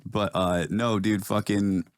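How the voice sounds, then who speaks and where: A young man with a lowish voice rambles through podcast chat, swearing freely and running himself down. The sound is dry and close. He talks loosely and casually. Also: level tone, slow pace, no room sound. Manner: rambling, profane, self-deprecating. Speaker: comedian podcast co-host.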